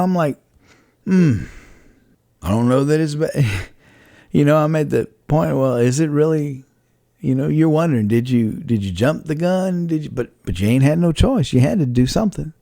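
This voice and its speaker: A man with a gravelly, mellow voice hosts a casual faith-based podcast. He rambles and reflects aloud, often restarting his sentences, and sounds dry and close to the mic. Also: on the high side, expressive, moderate pace, dry recording. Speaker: podcast host.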